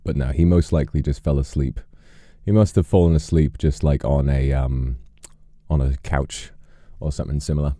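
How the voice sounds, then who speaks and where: A man's voice: rumbling low, steady tone, normal speed, warm tone, dry recording, studio quality. A man streaming, chatting casually with viewers, rambling with lots of fillers and restarts.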